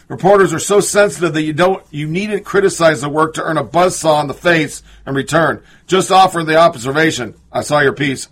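A man with a slightly high, husky voice reads news pieces aloud as a political commentator. He cuts in with sarcastic asides and scoffs at what he reads, his voice drifting off the mic now and then. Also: a bit bright.

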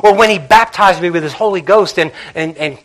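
A male pastor preaching a sermon in a church, swinging between loud emphasis and hushed, intimate asides. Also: high voice, a little fast.

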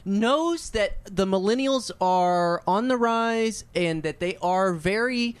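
A male host directs a comedic reading in casual chat. He rambles and swears freely, and his fairly high voice swings widely in pitch. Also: slow pace, smooth, no echo. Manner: rambling, profane, animated asides.

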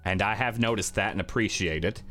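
A man playing a tabletop role-playing game in character, exasperated and ranting, swinging between low grumbles and loud outbursts. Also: brisk, soft background music. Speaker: tabletop player.

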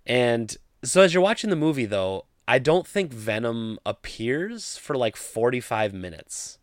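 Man, casual film review, opinionated, exasperated, average pitch, dry recording. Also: very animated, a little slow, dry recording. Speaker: movie reviewer. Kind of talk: casual spoken movie review.

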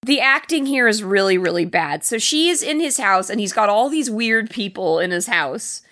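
Bright-voiced woman recapping a movie. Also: mid-range voice. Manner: animated retelling, quick laughs. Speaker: podcast co-host. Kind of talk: casual movie-recap chat.

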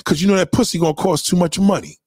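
A man delivering a profane, confrontational ranting monologue, swinging between loud outbursts and low mutters. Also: steady tone, fast talker, slightly rough, no echo, clean studio sound.

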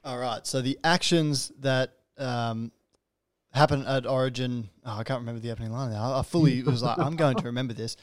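A man's voice: mid-range voice, steady tone, normal speed. A man hosting a podcast interview, talking in a loose, rambling way with many restarts and playful asides. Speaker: podcast host. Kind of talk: casual interview chat.

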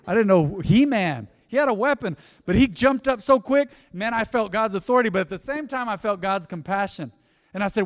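A male pastor preaching a sermon emphatically, swinging from loud peaks down to hushed lines. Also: a little high, a little fast. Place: church sanctuary. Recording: long church reverb.

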